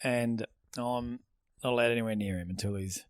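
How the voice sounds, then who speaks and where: A man in his thirties chatting on a podcast, his voice at an average pitch and recorded dry and close. He swears freely and rambles through his stories with plenty of restarts. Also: fairly even intonation, moderate pace, clear, resonant tone, no room sound. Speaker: podcast co-host. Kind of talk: casual chat.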